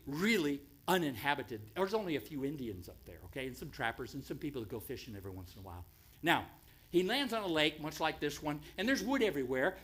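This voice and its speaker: An American man preaches in a church, spinning a dramatic story for his congregation. His fairly high voice swoops through a lively range, rising to near-shouted pleas, then dropping to hushed, low lines. He repeats phrases for effect as he builds the tale. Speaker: pastor. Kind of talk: sermon storytelling. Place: church sanctuary.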